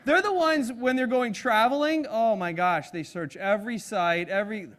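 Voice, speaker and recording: A man with a fairly high voice runs a live seminar, talking energetically to the room. He pulls the audience in with questions and acts out different personality types as he goes. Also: moderate pace, few pauses, a bit bright. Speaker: sales trainer.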